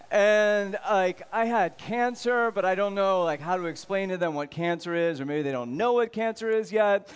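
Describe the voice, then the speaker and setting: A man in his thirties doing stand-up comedy, telling stories in an animated way and acting out the voices of the people in them. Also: sits high, moderate pace, few pauses, smooth. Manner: animated, acts out quoted voices.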